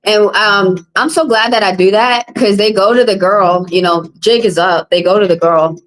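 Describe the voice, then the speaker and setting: A woman with a medium-pitched voice talks at a normal speed with fairly even intonation, captured on a rough recording. She's a tarot reader live-streaming to viewers, speaking straight to chat in a blunt, casual, profane way.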